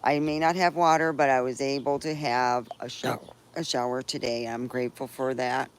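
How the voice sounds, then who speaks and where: A middle-aged woman with a very deep, clean-toned voice talks at a moderate pace and level tone during a casual phone live stream, rambling cheerfully with restarts and lots of laughter. She's outdoors under a backyard tree, and the noisy stream picks up birds and chickens nearby.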